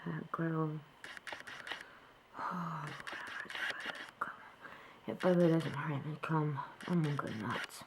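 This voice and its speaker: A woman's voice: low voice, steady tone, slow, long pauses, very noisy. A woman with a Southern US accent, signing off a casual vlog with hesitant fillers.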